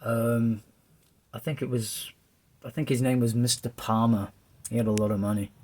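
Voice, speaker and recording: A middle-aged Englishman with a medium-pitched voice talks at a moderate pace, giving a rambling personal testimony. He's a lively storyteller who acts out the voices of the people he describes.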